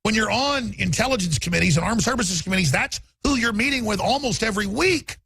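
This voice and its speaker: A male talk radio host giving rapid, mocking political commentary. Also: high-pitched, gravelly, sharp tone, a little hiss or hum.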